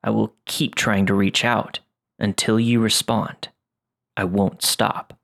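A man voicing a creepy, obsessive male stalker, reading his messages slowly and menacingly in a low, gravelly voice. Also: little pitch movement, a bit bright, full character voice.

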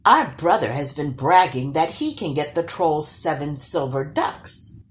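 A woman's voice: deep voice, sing-song, unhurried. A woman voicing a jealous young man in a storybook, slyly telling tales. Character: jealous scheming young male brother, tattling.

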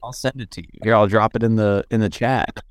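A man's voice: lowish voice, steady tone, a little fast, no echo, studio quality. Joking man on a video call. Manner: joking, crude, laughs often. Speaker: podcast guest. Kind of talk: casual banter on a video call.

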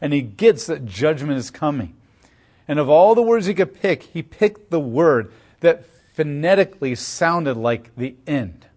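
Male Bible teacher, voice on the higher side; chatty verse-by-verse teaching with playful asides. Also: expressive, measured pace, a little mellow, breathy edge.

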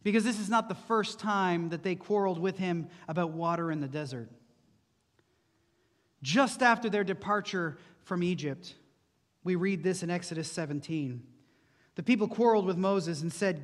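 A man's voice: high voice, moderate pace. A male pastor preaching an earnest sermon, posing rhetorical questions to the congregation. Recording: long reverb from a large hall.

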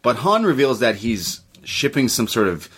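A man's voice: mid-range voice, big pitch swings, normal speed, a bit bright, breathy edge. A man co-hosting a movie review chat, retelling scenes animatedly, swearing freely and slipping into quoted voices. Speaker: co-host of a movie review show. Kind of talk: casual chat.

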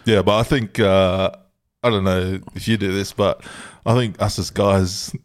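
A man's voice: low-pitched, fairly even intonation, measured pace. A young Australian man co-hosting a podcast, chatting easily with frequent laughs and hesitant fillers. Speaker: podcast co-host. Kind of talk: casual chat.

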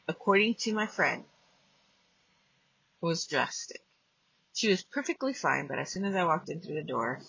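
A woman's voice: on the low side, vocal fry, fairly bright tone, breathy edge. A woman podcast host telling a personal ghost story in a blunt, profane, casual way. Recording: dull lo-fi dry recording.

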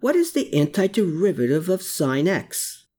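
A narrator voicing a determined, obsessed man searching a cellar, pitched above their own voice and growing urgent. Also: big pitch swings, normal speed, warm tone.

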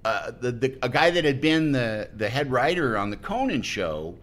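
Lively, bright-voiced man telling a rambling story. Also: mid-range voice, normal speed. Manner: rambling, self-interrupting storyteller who acts out quotes. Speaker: podcast guest. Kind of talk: casual chat, telling an anecdote.

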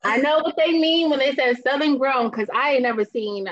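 Woman in her 30s from Boston, guest chatting, lively tale-teller, slightly hoarse, a bit high, muffled lo-fi recording. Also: normal speed. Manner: animated storyteller, laughs often. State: slightly hoarse, clearing throat. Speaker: podcast guest. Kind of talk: casual chat.

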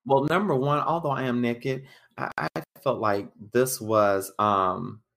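A man as an interview guest, giving measured, plainspoken answers that he lays out point by point. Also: mid-range voice, creaky, fairly bright tone. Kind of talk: casual interview chat.

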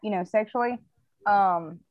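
A woman's voice: medium pitch, a little slow, no room sound, highs cut off. A woman co-hosting a podcast, talking frankly and emphatically in casual chat, with plenty of swearing. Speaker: podcast co-host.

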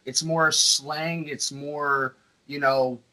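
A man hosts a casual interview over a remote call, easygoing and quick to laugh. He leans on filler words as he talks. His voice sits a bit high with a bright edge. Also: steady tone, rough recording. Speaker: host.

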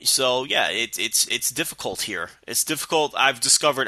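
Podcast co-host, male, very bright tone, stammery, dry studio sound. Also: mid-range voice, animated, moderate pace, no room sound. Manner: stammers and repeats words. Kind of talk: casual chat.

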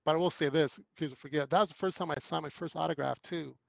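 A man's voice: fairly high pitch, quick pace, gravelly, no room sound, poor audio. A man, an actor guest, telling anecdotes in casual chat and acting out the quoted lines. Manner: animated storyteller who acts out quoted lines.

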